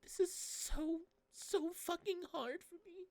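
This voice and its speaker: A woman reading the lines of a distraught, depressed young female student from a game, voiced higher than her own voice and lashing out as she swears. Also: slow, darkish tone, no room sound, exaggerated voice. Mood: anguished.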